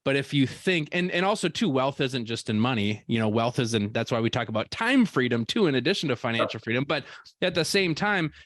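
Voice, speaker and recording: A male podcast host speaks at an average pitch, recorded dry with no room sound. He picks up on his guest's point in a relaxed, agreeable manner. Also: a little fast, dry recording. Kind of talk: casual interview chat.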